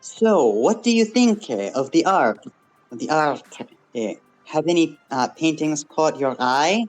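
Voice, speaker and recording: A man voicing a smug female troll gallery owner with a put-on French accent, slow and condescending. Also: a little high, expressive, faint music behind, low-quality recording. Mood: welcoming. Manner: haughty, drawn-out, condescending.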